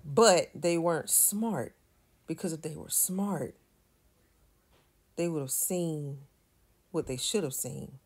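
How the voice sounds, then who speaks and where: Low-voiced woman, emphatic social media talk. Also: darkish tone, slightly rough. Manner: repeats and restarts words, emphatic, drops to near-whisper at times. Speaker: channel host. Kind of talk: casual commentary to camera.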